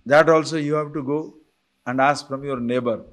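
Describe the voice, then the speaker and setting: A man's voice: medium pitch, fairly even intonation, normal speed, fairly bright tone. A man giving a scripture lecture as a spiritual teacher, telling stories full of rhetorical questions.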